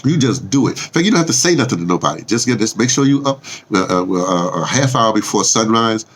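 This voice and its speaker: A man's voice: on the low side, animated, fast. An older man from the Bronx, a vlogger rambling casually with lots of fillers and restarts. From New York, the Bronx.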